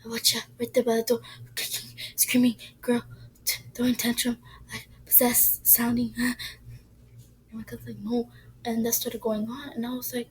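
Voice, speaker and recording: A woman's voice: fairly high pitch, monotone, moderate pace, slightly rough, rough recording. A woman telling a ghost story in a casual, rambling way, often dropping to a whisper.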